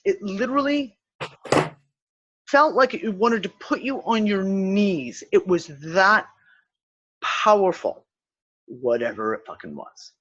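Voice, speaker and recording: A woman's voice: medium pitch, unhurried, long pauses. A woman hosting a casual discussion, telling a story with swearing and acted-out quotes. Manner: animated, profane, acts out quotes. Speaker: host of a spiritual discussion show. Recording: slightly dull lo-fi sound.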